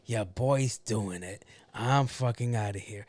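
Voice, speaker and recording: A man's voice: on the low side, measured pace, darkish tone, slight background noise. A man hosting a casual solo podcast, ranting bluntly with a lot of swearing and grumbling to himself about his own mistakes. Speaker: podcast host.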